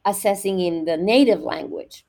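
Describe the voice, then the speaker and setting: Woman explaining at a measured pace. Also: on the low side, gravelly, darkish tone. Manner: measured, explanatory, with repeated restarts. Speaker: education researcher guest. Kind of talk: podcast interview, explaining.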